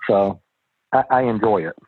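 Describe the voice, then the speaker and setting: A middle-aged real estate investor speaks as a guest in a casual interview, a chatty, folksy storyteller who often restarts his sentences. His voice is lowish and moderately paced, heard over a tinny phone line with slight background noise.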